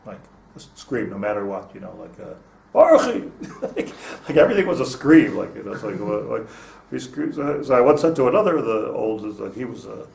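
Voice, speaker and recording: A man's voice: on the low side, expressive, fairly quick, gravelly, a little mellow. An older man, a rabbi, giving an informal class in a conversational, digressive way, full of stories and Hebrew terms. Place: classroom with small group. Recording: echoey room, distant mic, faint noise.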